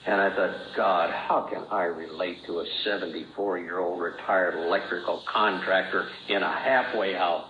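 A man's voice: low-pitched, fairly even intonation, normal speed, hardly any pauses, background noise. A man sharing his recovery story at a meeting, plain-spoken and acting out remembered dialogue. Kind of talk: personal testimony at a recovery meeting. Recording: roomy, dull old talk recording.

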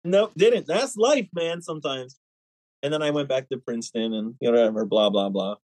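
Man, casual chat, animated storyteller, full of fillers, dry close sound. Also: medium pitch, moderate pace, dry recording, low-quality recording. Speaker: actor telling stories in a conversation.

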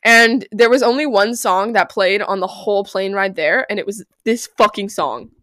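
A young woman hosting a casual solo podcast from her bedroom, chatty and profane, breaking into loud outbursts and laughter. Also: mid-range voice, normal speed. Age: young adult. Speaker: podcast host.

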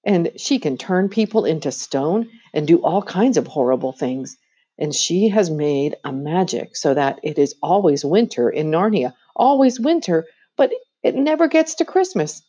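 A woman's voice: low voice, lively intonation, normal speed, mellow, husky. A woman voicing an eager, happy young girl who gushes breathlessly, in a storybook reading. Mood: excited. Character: excited, happy little girl.

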